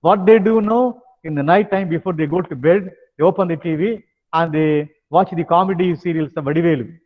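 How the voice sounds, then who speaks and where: An older man with a Tamil accent leading a stress management lecture, tagging phrases with "now" and pausing on hesitant fillers. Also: on the high side. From India. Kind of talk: lecture with guided exercises. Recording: dull sound with long hall reverb.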